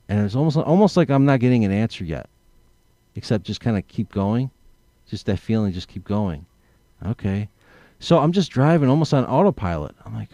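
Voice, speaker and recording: A man's voice: on the low side, lively intonation, normal speed, dark tone, no room sound, lo-fi sound. A man in casual conversation, telling a rambling story and acting out his own inner dialogue. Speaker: guest.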